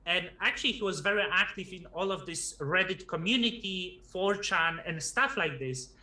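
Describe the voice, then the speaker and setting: A man appearing as a guest on a casual livestream, talking in halting stretches and repeating words as he builds his sentences. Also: high-pitched, animated, pushed and bright. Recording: echoey room.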